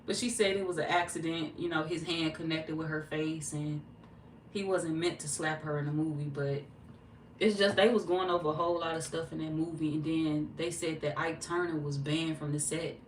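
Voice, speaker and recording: A woman, streaming a tarot reading and chatting casually, telling animated stories and cussing freely. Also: low voice, moderate pace, distant mic. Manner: animated storyteller, cussing freely, acting out quotes. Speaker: tarot reader streaming live. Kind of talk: casual livestream chat. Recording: echoey room, off-mic, faint hum.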